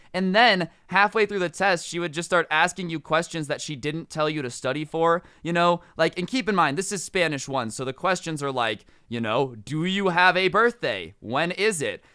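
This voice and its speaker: A man from the Las Vegas area telling a story to camera in a casual, animated way, peppering his talk with "like" and "dude". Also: on the high side, clean tone, dry recording, clean studio sound. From Las Vegas area, United States. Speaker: storytime vlogger.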